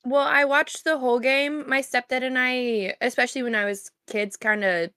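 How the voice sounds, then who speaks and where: A woman's voice: high voice, fairly even intonation, moderate pace, sharp tone, clean tone, no room sound, clean studio sound. A young woman co-hosting a podcast in casual chat, making sarcastic jokes and recommendations. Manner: joking, sarcastic asides. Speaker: podcast co-host.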